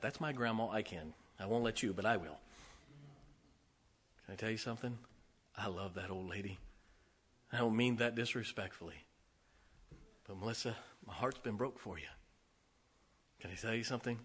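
Middle-aged male pastor, husky edge, earnest sermon that builds to loud preaching. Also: on the low side, brisk, pauses often.

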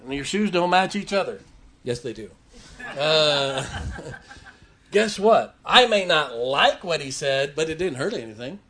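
A man's voice: fairly high pitch, animated, measured pace, a bit bright. An older man preaching a sermon, telling folksy stories and laughing as he goes. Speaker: pastor.

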